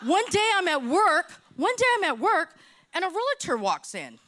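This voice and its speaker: A woman from Hawaii telling her testimony at church in an animated, dramatic style, repeating phrases for effect. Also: very high voice, moderate pace. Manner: animated, dramatic storytelling with repetitions. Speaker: church speaker giving testimony. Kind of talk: sermon testimony.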